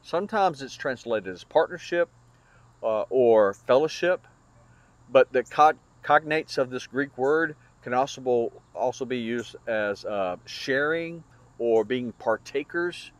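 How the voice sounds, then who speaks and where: A man's voice: mid-range voice, expressive, takes it slowly, no room sound. A man teaching a Bible study lesson in an earnest, explanatory way, with small restarts and fillers.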